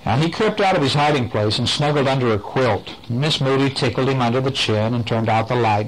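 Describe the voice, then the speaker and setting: A man reading a bedtime story aloud to a child, gentle and playful, stopping to point at the pictures and ask questions. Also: mid-range voice, a little fast, few pauses, a little hiss or hum, poor audio.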